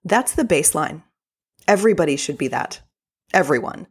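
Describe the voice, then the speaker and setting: Low-voiced woman podcast host. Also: animated, normal speed, husky. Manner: upbeat and gushing, with filler words. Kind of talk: casual podcast monologue.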